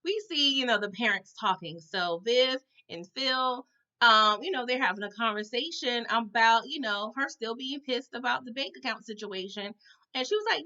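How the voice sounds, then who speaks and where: In a casual recap of a TV episode, an animated woman with a bright, slightly high voice speaks at a moderate pace, adding dramatic flair and tossing in "okay?" and "all right?". The audio sounds dull and lo-fi.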